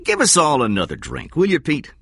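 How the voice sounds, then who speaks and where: A man voicing a thin, fast-moving male sales chief who keeps pressing his point. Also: fairly high pitch, big pitch swings, gravelly, a bit bright, slightly rough, no echo, studio quality, voice pushed up, exaggerated voice. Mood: pushy. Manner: insistent, persuasive.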